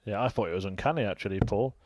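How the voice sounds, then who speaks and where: Give me a man doing relaxed, chatty live darts commentary. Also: on the low side, racing, a loud crowd.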